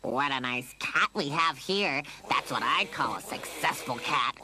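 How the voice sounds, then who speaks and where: A gloating cat catcher in a cartoon, as a woman narrator puts him on. He talks slowly and smugly, with a mocking edge. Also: extremely low pitch, animated, sharp tone, a little hiss or hum, heavily acted. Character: deep-voiced mocking male cat catcher.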